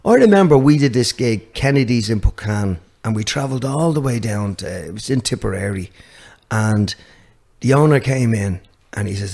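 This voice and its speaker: A man's voice: fairly low pitch, normal speed, creaky. An older man, a guest guitarist chatting casually in an interview, telling stories with lots of restarts. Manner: animated storyteller with many restarts.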